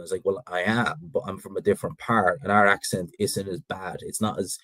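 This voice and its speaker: This boxing channel host from Ireland has a North Dublin accent and a low, steady voice that sounds pushed and bright, delivered briskly. The low-quality recording has no room sound. He chats casually through viewer questions, frank and opinionated, rambling with frequent restarts.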